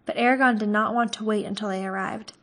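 Woman calmly reading a novel aloud. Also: medium pitch, quick pace. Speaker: audiobook reader.

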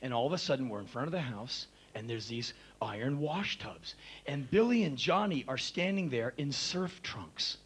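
A man performing spoken word storytelling on a live stage, animated and profane, acting out the quotes of the people in his story. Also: mid-range voice, moderate pace, breathy edge. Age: 30s. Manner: animated, profane, acts out quotes in shifting voices.

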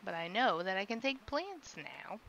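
A woman's voice: mid-range voice, very animated, normal speed, a bit bright. A young woman casually streaming a video game, playful and silly, chattering along and making sound effects. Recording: slightly dull lo-fi sound with faint noise.

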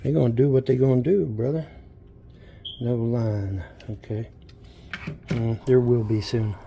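A man's voice: mid-range voice, fairly even intonation, measured pace, creaky, highs cut off, noisy background. Man rambling to his phone. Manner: rambling, talks baby talk to dogs. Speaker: vlogger filmed by commentator. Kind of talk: casual self-filmed vlog. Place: outdoors by a mobile home.

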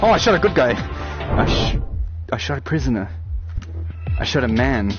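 A young man giving excited, swearing let's-play commentary on a shooting game. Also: mid-range voice, moderate pace. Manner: loud excited outbursts, swearing, jokey. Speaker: gaming YouTuber. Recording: slightly dull lo-fi audio with loud game music.

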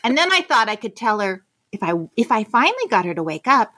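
A woman's voice: fairly high pitch, very animated, fast talker, pushed and bright. A middle-aged woman telling a personal anecdote as a guest, acting out the quoted lines expressively. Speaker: guest storyteller.

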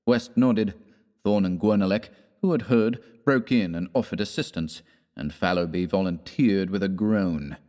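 Man reading an old horror story aloud, lowish voice, measured and theatrical. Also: mellow. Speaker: narrator. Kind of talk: scripted audiobook narration.

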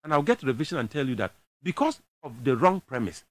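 A man's voice: medium pitch, lively intonation, fast, a bit bright, dry recording. A man with a Ghanaian accent giving emphatic political commentary on a talk show, switching between a local language and English.

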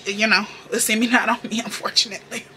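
Sassy Southern woman with a bright voice. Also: fairly high pitch, flat delivery, fast talker, slight background noise. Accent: Southern US (Carolina). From North Carolina, US. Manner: sassy, profane, playful slang. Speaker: beauty vlogger. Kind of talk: casual makeup tutorial chat.

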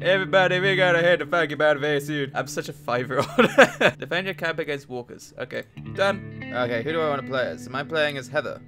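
A man giving panicky, giggly gameplay commentary as a gaming YouTuber. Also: fairly high pitch. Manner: panicky, giggly, self-mocking.

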